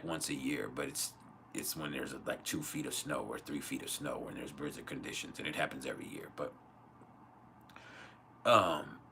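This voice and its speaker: A man's voice: a bass voice, vocal fry, sharp tone, a little hiss or hum. A man hosting an astrology livestream Q&A from home, talking in loose, profane, rambling rants with laughs. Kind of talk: casual livestream chat and Q&A.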